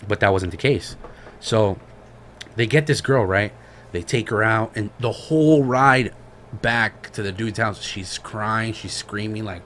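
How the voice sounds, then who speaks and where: A man's voice: fairly low pitch, measured pace, a little hiss or hum. A man co-hosting a podcast, retelling a story in casual chat with slang and swearing. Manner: slangy, profane, animated retelling. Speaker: podcast co-host.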